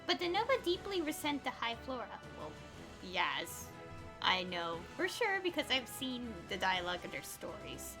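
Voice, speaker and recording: A woman's voice: fairly high pitch, sing-song, normal speed. A woman streaming a game, reading its dialogue aloud with chatty, giggly asides. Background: game music.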